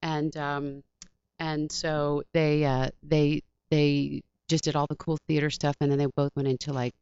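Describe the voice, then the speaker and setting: A woman's voice: low voice, level tone, unhurried, a little mellow, clear, resonant tone, no room sound, muffled recording. A woman from the Washington, D.C. area, a guest chatting casually and rambling, acting out her own quotes. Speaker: actress guest. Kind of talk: casual interview chat.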